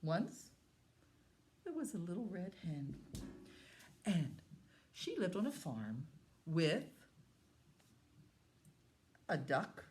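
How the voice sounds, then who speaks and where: A woman who is a children's librarian, telling a story to young children at story time in a slow, sing-song way. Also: on the low side, very animated, a little mellow, a little hiss or hum.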